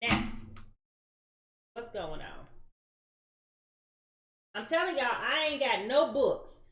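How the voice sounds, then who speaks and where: A woman's voice: on the high side, sing-song, slow, a bit bright, roomy sound. A woman giving a casual live-stream tarot reading, chatty and slangy, talking straight to her viewers. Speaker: tarot reader.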